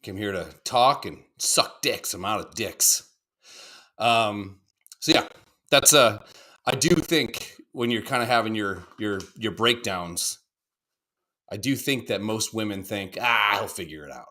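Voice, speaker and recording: In a fairly low, sharp-toned voice, a man in his thirties speaks slowly as he co-hosts a podcast. He rambles through casual chat, swears freely, and does the voices of the people he quotes.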